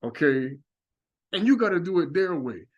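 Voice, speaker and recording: Emphatic, fairly high-voiced man preaching. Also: sing-song, moderate pace, highs cut off. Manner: emphatic, preachy, repeating warnings. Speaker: religious speaker. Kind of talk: impassioned religious monologue.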